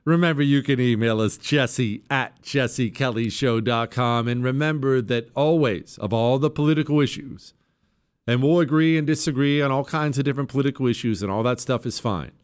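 A man's voice: medium pitch, normal speed, clear, resonant tone. A man hosting a political talk radio show, delivering an emphatic, sarcastic monologue.

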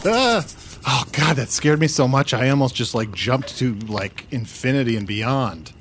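A man hosting an improvised comedy podcast, excitable and jumpy, swinging down to low mumbles. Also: normal speed, background noise. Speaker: podcast host.

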